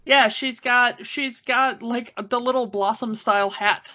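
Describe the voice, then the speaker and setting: Her voice is on the high side, pushed and bright, steady in tone and measured in pace. As a podcast co-host chatting casually about a cartoon film, she gushes with enthusiasm and many fillers, over dull lo-fi audio.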